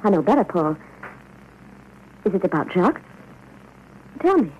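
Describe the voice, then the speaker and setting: A woman's voice: on the low side, very animated, moderate pace, slight background noise. A woman playing a frightened, devoted mother in a 1940s radio drama, talking in an anxious and imploring way. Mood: uneasy. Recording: muffled old radio broadcast.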